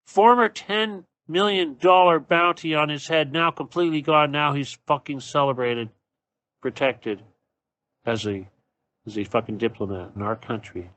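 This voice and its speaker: A man's voice: a little high, steady tone, moderate pace, a bit bright. A man hosting his own show, delivering a blunt, profane and sarcastic solo political rant. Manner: sarcastic, mocking. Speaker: show host.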